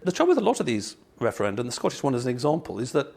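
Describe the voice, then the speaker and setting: A man's voice: mid-range voice, wildly swooping pitch, rapid-fire, vocal fry, a little mellow. A man hosting a finance podcast, reading a wry scripted intro and then chatting in a discursive, musing way. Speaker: podcast host. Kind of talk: scripted intro then casual interview chat. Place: meeting room in London.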